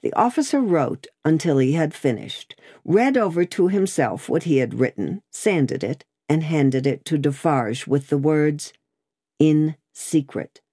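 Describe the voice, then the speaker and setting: A woman narrating a classic novel as an audiobook, in a measured storytelling manner. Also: low-pitched, dark tone, husky, dry recording, clean studio sound.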